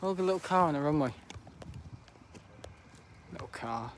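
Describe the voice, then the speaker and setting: A man's voice: a little high, lively intonation, moderate pace, slight background noise. A teenage boy livestreaming outdoors at an airport viewing park, chatting casually about the planes, rambling and laughing often. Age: teens. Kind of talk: casual live commentary.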